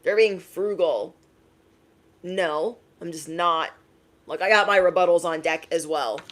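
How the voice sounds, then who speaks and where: A woman's voice: lowish voice, a little slow, a bit bright. A young adult woman giving channeled intuitive messages, sassy and emphatic, repeating lines for effect. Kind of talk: casual direct-to-camera messages.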